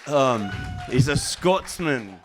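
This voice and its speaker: A male comedian working through a stand-up set in a loose, rambling way. He stops and restarts often, with fillers and self-corrections between the punchlines. His pitch sits in an ordinary middle range for a man. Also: sing-song, slow pace, music in the background, a crowd in the background.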